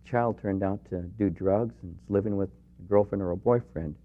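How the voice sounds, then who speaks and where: A man with a fairly low voice preaches a sermon in an earnest, personal way. He rises to emphatic questions, then sinks to quiet, intimate remarks. The recording is dull and lo-fi. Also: moderate pace. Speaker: pastor.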